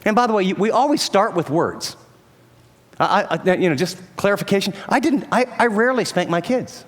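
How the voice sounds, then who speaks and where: A middle-aged man preaching a sermon in a conversational, animated way, acting out everyday scenes. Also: high-pitched, brisk, in a large hall. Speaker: pastor.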